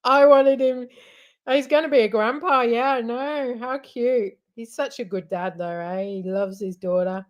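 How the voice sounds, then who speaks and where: A woman's voice: a little high, unhurried, highs cut off. Giggly chatty woman. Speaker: livestream host. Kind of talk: casual live chat.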